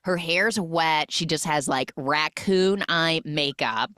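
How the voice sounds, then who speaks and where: A woman with a low voice hosts a podcast and recaps a movie scene by scene. She talks casually and acts out the characters' lines as she goes. The sound is dry and close, with no room around it. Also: slow, no room sound. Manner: animated storytelling, acts out quoted lines. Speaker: podcast host.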